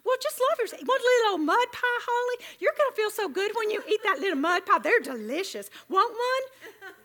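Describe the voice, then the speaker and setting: A woman voicing a syrupy, gushing woman who pushes self-love in a high, singsong, cooing tone. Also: big pitch swings, normal speed, pushed and bright, exaggerated voice. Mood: mocking, sugary.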